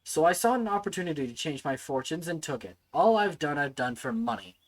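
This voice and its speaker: A man's voice: fairly high pitch, big pitch swings, fairly quick, poor audio. A man reading aloud and voicing a treacherous male guard from a game, who is nervous at first and sneering later. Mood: bitter. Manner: panicky yelps turning to bitter gloating.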